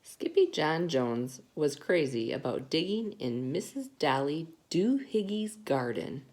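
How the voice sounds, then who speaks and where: A woman teacher reading a picture book aloud to preschoolers, animated and playful. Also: low-pitched, unhurried. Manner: animated, acts out character voices. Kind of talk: children's storybook read-aloud.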